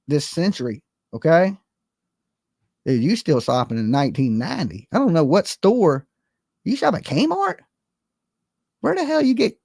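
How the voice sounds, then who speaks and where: A man's voice: fairly high pitch, dry recording, clean studio sound. A man giving casual, profane commentary, telling stories with lots of asides and rhetorical questions. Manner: animated, profane storytelling with many asides. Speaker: commentary streamer.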